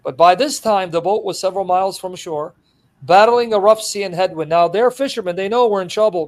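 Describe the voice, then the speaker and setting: Animated high-voiced male preacher. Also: fairly quick. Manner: animated, laughs while retelling, acts out scenes. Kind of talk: expository sermon.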